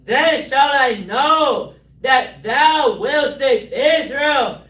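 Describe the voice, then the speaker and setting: Guy reading bible verses real slow, very high voice, echoey and far from the mic. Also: bright, forceful tone. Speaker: scripture reader. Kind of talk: slow, loud scripture reading. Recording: roomy, mic at a distance.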